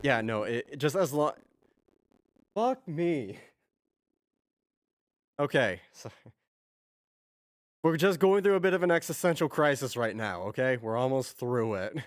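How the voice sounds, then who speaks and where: A man at a mid pitch talks half to himself as he works on a song. He mutters, trails off and picks his thoughts back up, casual and unscripted. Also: lively intonation, normal speed, no echo, clean studio sound. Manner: muttering, self-talk, trailing off and restarting. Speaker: streamer writing music. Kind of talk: casual thinking aloud while working.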